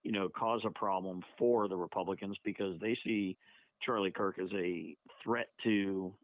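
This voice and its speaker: A man calling in as a podcast guest, speaking in a measured way with many fillers. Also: low-pitched, fairly even intonation, dry recording. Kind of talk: casual political talk. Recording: tinny phone line.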